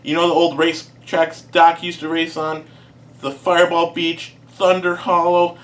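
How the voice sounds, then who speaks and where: A man playing a cocky, aging cartoon race car who talks impatiently and pushes hard to get his way. The voice sits fairly high and a little distant from the mic. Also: level tone, measured pace, fairly bright tone. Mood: pleading.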